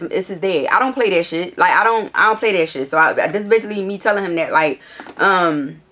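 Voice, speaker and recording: A young woman, casually telling a storytime to her viewers at home, profane and animated, addressing them directly. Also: on the low side, fairly quick. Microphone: iPad camera.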